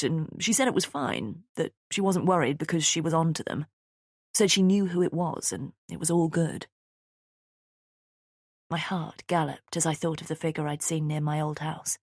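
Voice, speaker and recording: Low-voiced woman narrating an audiobook. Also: normal speed, a little mellow, no echo, studio quality. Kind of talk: scripted narration.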